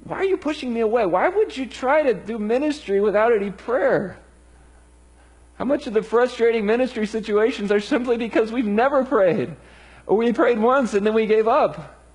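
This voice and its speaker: A man's voice: very high voice, expressive, moderate pace, a little mellow, breathy edge, voice pushed up, exaggerated voice. A man voicing Jesus as a patient but frustrated teacher, pleading with his disciples through rhetorical questions.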